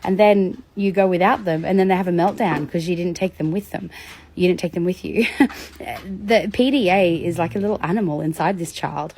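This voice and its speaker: Animated woman explaining parenting strategies. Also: brisk. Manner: animated, acts out examples with big pitch jumps and laughs. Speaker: educator on demand avoidance in children. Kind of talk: casual educational talk.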